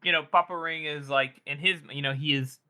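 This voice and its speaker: Bright-voiced man rambling about a book. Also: fairly high pitch, steady tone, brisk, clean tone. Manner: rambling, hesitant, many fillers. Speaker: podcast co-host. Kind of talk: casual book discussion.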